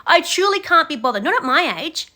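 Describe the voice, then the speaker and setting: A woman with a high, bright voice rants about a reality show as a reaction commentator, bluntly scolding a contestant and addressing them directly. Her delivery is sing-song and brisk.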